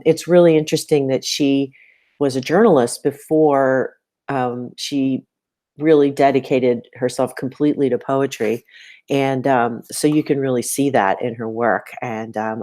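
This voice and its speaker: Deep-voiced woman teacher going over a student's poem, chatty, lots of ums. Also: darkish tone. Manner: conversational, many "um"s, reads lines aloud and taps out meter. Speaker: poetry teacher. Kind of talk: recorded feedback to a student.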